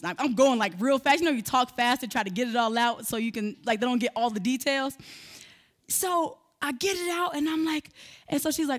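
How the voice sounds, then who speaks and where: Lady preaching, high voice, lively storytelling, talks right to the crowd. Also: unhurried. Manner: animated storyteller, addresses listeners directly. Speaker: speaker teaching on parenting. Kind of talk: sermon-style talk with personal story.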